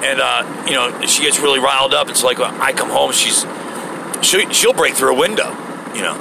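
A man's voice: mid-range voice, gravelly, noisy background, close to an everyday voice. A man voicing a young male job applicant who rambles and stumbles over his words. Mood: rambling. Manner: halting, filler-heavy, stumbling over words.

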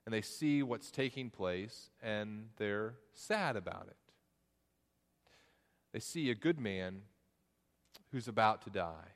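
A man's voice: on the low side, animated, slow pace, pauses often. A man preaching an expository sermon, walking through the text with frequent restarts and repeated words. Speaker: pastor. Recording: long hall reverb.

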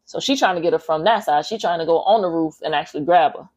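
Slangy, lower-voiced woman recapping a movie. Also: fast talker, dull audio. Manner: animated, profane storytelling with slangy asides. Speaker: podcast host.

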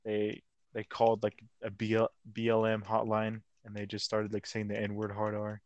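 A man's voice: on the low side, monotone, moderate pace, no room sound, dull audio. A young man co-hosting a casual podcast chat, rambling in slang, stumbling over words and acting out quotes. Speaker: podcast co-host.

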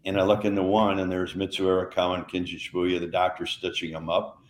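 A deep-voiced older man tells long rambling stories in a casual podcast chat. He restarts his sentences often and laughs as he goes. The sound is echoey, with a faint hiss behind him. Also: level tone, fast. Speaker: podcast co-host, retired wrestler.

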